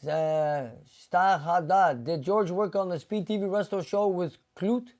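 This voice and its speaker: A man's voice: high voice, measured pace, darkish tone. Chatty man reading viewer comments. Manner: chatty, reads viewer comments aloud, drifts into Greek. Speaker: host reading live chat. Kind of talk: casual live-stream chat. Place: car garage shop.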